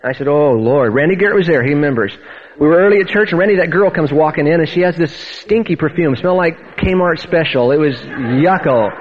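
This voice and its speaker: A man's voice: a little high, brisk, dull audio. A man, a pastor, telling a personal testimony as a sermon, acting out the voices of the people in his story.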